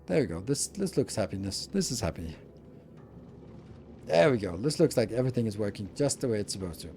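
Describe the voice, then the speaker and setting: A man's voice: fairly low pitch, very animated, fairly quick, warm tone, a little hiss or hum. A man streaming a building game, thinking aloud and muttering as he plays. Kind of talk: casual live-stream commentary.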